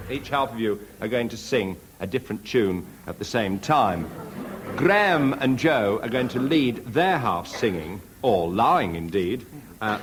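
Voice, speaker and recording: A man chairing a radio comedy panel game before a live audience, with a brisk, wry delivery. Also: mid-range voice. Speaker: quiz chairman. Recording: 1970s radio recording, audience noise.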